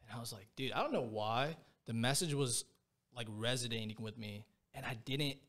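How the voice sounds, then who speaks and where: A man's voice: mid-range voice, moderate pace, a bit bright. A young man, a podcast guest, telling a personal story in a casual, rambling way, full of slang fillers. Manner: slangy, rambling, peppers speech with "bro" and "like".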